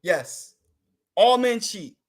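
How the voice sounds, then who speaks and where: This talk show guest responds to live comments in a casual, comedic chat, teasing and joking while laughing often and drawing out words to stress them. His voice is high-pitched, with wide swings in pitch, and he speaks very slowly.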